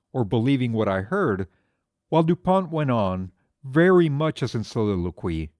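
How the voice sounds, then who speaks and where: Man narrating with lively intonation. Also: mid-range voice, no echo, clean studio sound. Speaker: audiobook narrator. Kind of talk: audiobook narration.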